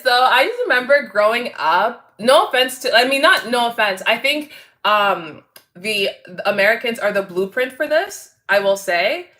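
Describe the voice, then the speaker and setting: A woman's voice: high-pitched, pushed and bright. A woman from Canada, hosting a casual livestream chat with viewers in a bubbly, chatty way and laughing often. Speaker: host.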